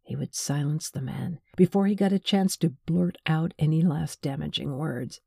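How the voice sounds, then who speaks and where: A woman reads a novel aloud in an unhurried, wry way. Her voice is low, dark and gravelly, with a husky grain, and the recording is close and dry with no room sound. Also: dry recording. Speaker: audiobook narrator. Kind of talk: scripted narration.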